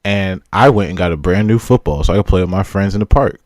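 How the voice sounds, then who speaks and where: A man's voice: low-pitched, fast, no room sound, studio quality. A young man co-hosting a casual podcast, telling stories animatedly and acting out the people in them. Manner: animated storytelling, acting out quotes and laughing. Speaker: podcast co-host. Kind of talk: casual chat.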